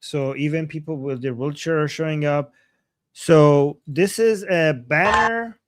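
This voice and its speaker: Excitable man over a noisy call line. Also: fairly high pitch, a little slow. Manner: excitable, keeps exclaiming while translating chants. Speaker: guest commentator. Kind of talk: live-stream commentary on protest videos. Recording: loud background noise.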